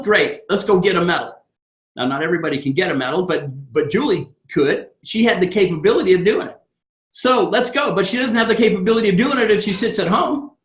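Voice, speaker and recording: A man who trains network marketers gives a motivational talk and tells a story in an animated, fired-up way. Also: sits high, reverberant, poor audio.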